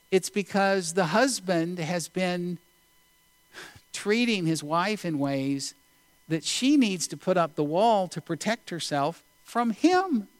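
A male preacher giving a sermon, telling a story in an unhurried, deliberate way with pauses. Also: high voice, no echo.

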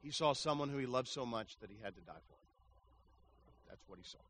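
A man preaching an evangelistic sermon, impassioned, swinging from hushed lines to loud ones and stacking words in slow emphatic runs. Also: mid-range voice, lively intonation, a little hiss or hum.

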